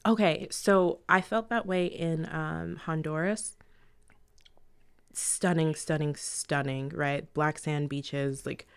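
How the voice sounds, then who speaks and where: Middle-aged woman, low voice, podcast guest, animated storyteller, laughs often. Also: slow, gravelly, smooth. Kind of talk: casual chat.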